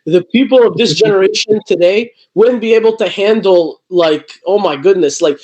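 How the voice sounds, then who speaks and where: A man with a somewhat high voice tells stories in a casual interview. He rambles, restarting sentences and leaning on fillers as he goes. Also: normal speed, mellow, low-quality recording. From New Jersey. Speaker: guest, wrestling promotion owner.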